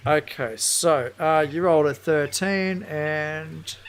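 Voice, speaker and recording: A man running a livestreamed tabletop game as game master, who reads lore aloud and answers players' questions in a relaxed way. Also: a little high, slow, smooth.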